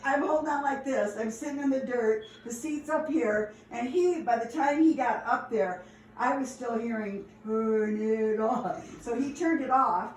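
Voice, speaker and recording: Lady spinning family stories, laughs a lot, kinda high voice, echoey room, mic far off. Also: normal speed, a little hiss or hum. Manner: animated, laughing, acts out quotes. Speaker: storyteller. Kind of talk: casual storytelling.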